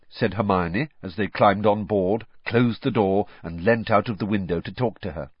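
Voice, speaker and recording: A man reading a storybook aloud as an audiobook narrator, with expressive scripted narration. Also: lowish voice, normal speed, hardly any pauses, husky, dry recording, dull audio.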